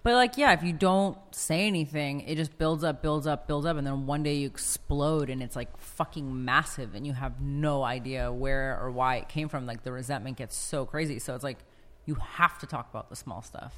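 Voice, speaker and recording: A woman's voice: extremely low pitch, normal speed, fairly bright tone. A woman co-hosting a podcast in casual chat, outspoken and firm with some casual swearing. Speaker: podcast co-host, hairstylist.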